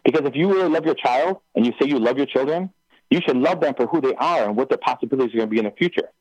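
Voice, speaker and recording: Guy calling in to a radio show, fast and worked up, keeps restarting, muffled phone sound. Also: medium pitch, darkish tone, dry recording. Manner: impassioned, rambling with many restarts. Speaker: caller. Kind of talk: call-in radio talk. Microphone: telephone. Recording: dull phone line.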